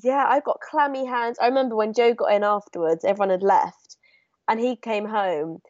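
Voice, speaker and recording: A woman's voice: fairly high pitch, normal speed, no echo. Enthusiastic woman, dull dry line. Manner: enthusiastic, animated storytelling. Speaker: podcast co-host. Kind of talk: casual chat.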